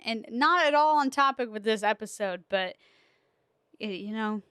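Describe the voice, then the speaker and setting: A woman's voice: on the high side, lively intonation, moderate pace, a bit bright, clear, resonant tone, dry recording, clean studio sound. A young woman hosting a podcast, telling stories in casual chat with lots of laughs and fillers. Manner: chatty storytelling with frequent laughs and fillers. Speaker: podcast host.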